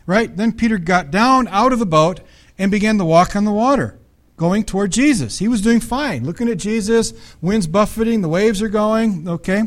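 Reading scripture aloud, a pastor comments on it conversationally and often checks in with the congregation. His voice is high with lively intonation at normal speed.

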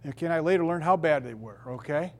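A man's voice: a little high, fast talker. A middle-aged male pastor preaching with a slightly raised voice. He leans hard on key words and stretches them out for effect. His delivery is earnest and emphatic. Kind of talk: sermon.

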